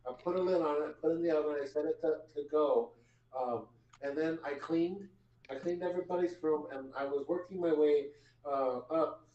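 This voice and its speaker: Guy putting on a shaken, teary woman who keeps tripping over her words, pitched a bit high and heard from off the mic in a roomy space. she rambles on, repeating every other word. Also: normal speed, far from the mic, dull audio, close to an everyday voice. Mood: shaken, rambling. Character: tearful, flustered woman, rambling in shock.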